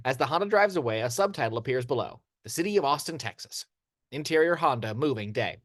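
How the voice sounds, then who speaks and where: A man narrating screenplay action lines in an amateur audio drama, steady but with occasional stumbles and restarts. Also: medium pitch, fast talker, dry recording, clean studio sound.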